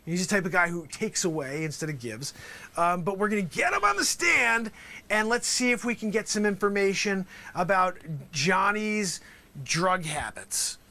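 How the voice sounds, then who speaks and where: A man's voice: high voice, expressive, moderate pace, bright, forceful tone. A male host acting out an improvised courtroom sketch as a lawyer, talking theatrically and dropping into whispers for emphasis.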